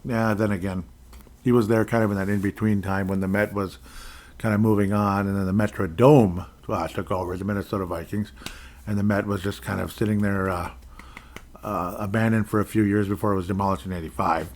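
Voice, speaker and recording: Rambling low-voiced man hosting a podcast. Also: fairly even intonation, brisk, a little mellow. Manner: rambling, often correcting himself. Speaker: podcast host. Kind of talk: casual solo sports podcast talk.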